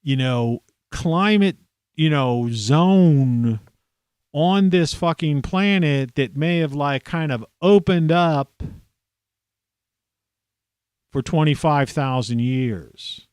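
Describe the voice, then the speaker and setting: A man's voice: fairly high pitch, takes it slowly, pauses often, darkish tone, smooth, no echo. A middle-aged man ranting in a rambling, profane monologue, restarting his sentences and swearing often. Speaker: video blogger.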